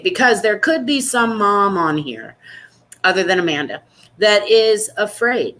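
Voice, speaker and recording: A woman hosting a support group meeting online, chatting and teasing in a lively, casual way. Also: on the low side, slight background noise, rough recording.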